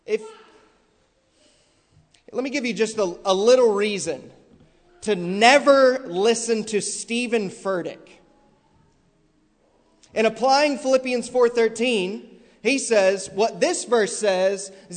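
A male preacher delivering a sermon with heavy, repeated emphasis that builds to loud stressed peaks, in a large church hall. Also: sits high, slow pace, long pauses. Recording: long echoey hall reverb.

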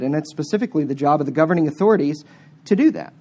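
A preacher giving a sermon, stressing words hard and then dropping to quiet asides. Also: medium pitch, expressive, racing. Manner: emphatic, with sharp swings between loud stressed words and quiet asides.

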